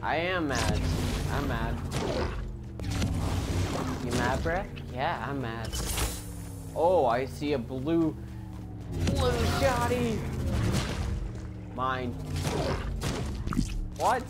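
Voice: medium pitch, expressive, drawn-out words, pauses often, loud music behind the voice. A gamer chatting casually with a partner during play, joking around and breaking into laughter and sudden squeals. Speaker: gamer playing with a duo partner. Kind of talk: casual let's-play chat.

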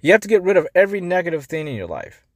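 A man hosting a motivational life-coaching podcast. He talks bluntly, swears, and swings between quiet asides and emphatic pushes. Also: high-pitched, sing-song, very fast, no echo, clean studio sound. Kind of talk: motivational monologue.

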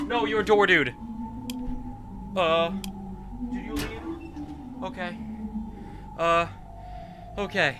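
Stuffy-nosed guy playing a horror game, high voice, slow talker, yelling at monsters. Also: expressive, over music. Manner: jumpy, exclaims and talks back at enemies. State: stuffy nose. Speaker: gaming YouTuber. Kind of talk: horror let's-play commentary.

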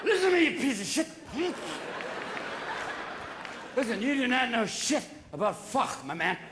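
A man voicing a belligerent drunk man picking a fight at a bar, slurring and shouty. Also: extremely high pitch, big pitch swings, moderate pace, reverberant, crowd noise. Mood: drunk aggressive. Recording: live theater recording with audience noise.

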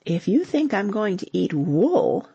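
A woman's voice: mid-range voice, very animated, unhurried, vocal fry, warm tone, slightly rough, dry recording, highs cut off, heavily acted. A woman reading the lines of an affectionate young wife who teases her husband playfully. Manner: playful, teasing.

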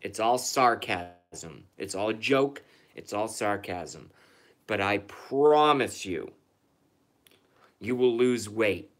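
A man's voice: lowish voice, expressive, takes it slowly. A man chatting casually on his live stream, rambling, sarcastic and profane, often repeating himself.

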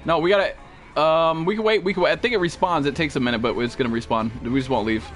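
Fast-talking and fairly high-pitched, this man streams a survival game with profane live commentary, chatting with a teammate. He's excitable, curses constantly, and keeps shrieking in alarm when monsters appear, with faint music behind him.

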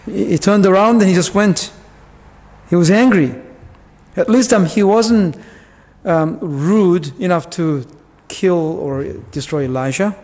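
A man's voice: high-pitched, unhurried, darkish tone. A male pastor preaching a sermon in a church, explaining Bible verses in a conversational way with asides and fillers. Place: church hall. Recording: long church reverb.

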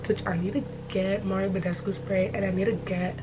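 A woman's voice: mid-range voice, steady tone, moderate pace, few pauses, background noise. A young woman vlogging to her phone camera in her bedroom, rambling and chatty with lots of "like", a little stuffy from allergies. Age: young adult. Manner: rambling, chatty, heavy use of "like". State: stuffy from allergies and a runny nose. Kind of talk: casual vlog chat to camera. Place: bedroom at home.

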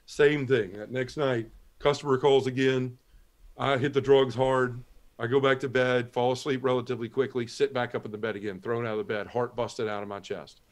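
A man's voice: medium pitch, level tone, moderate pace. A man guest on a talk show, telling his personal conversion story and acting out the dialogue as he goes. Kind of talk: personal testimony.

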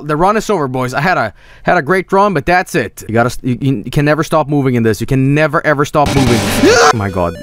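A man streaming a video game, commenting in an exasperated, profane way with frequent yelled protests. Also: medium pitch. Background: game music.

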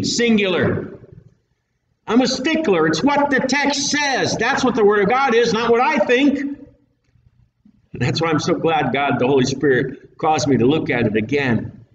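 A man's voice: high voice, animated, unhurried, slight background noise. A man preaching a casual, folksy Bible-teaching sermon in a plain-spoken, emphatic way. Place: church hall with a live audience. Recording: echoey room, mic at a distance, dull sound.

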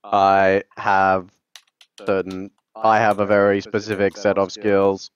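A man playing a tabletop role-playing game in character, teasing the others in a dry, deadpan way. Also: lowish voice, slow. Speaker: tabletop player. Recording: dull lo-fi mic.

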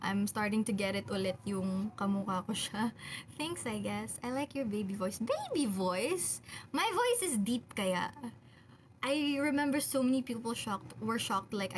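A woman's voice: mid-range voice, a little hiss or hum. A young woman with a Filipino accent, chatting casually on a livestream, reading viewer comments aloud and answering them with frequent laughter. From Philippines. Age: young adult. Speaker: idol group member on a livestream. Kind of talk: casual livestream chat, mixing English and Filipino.

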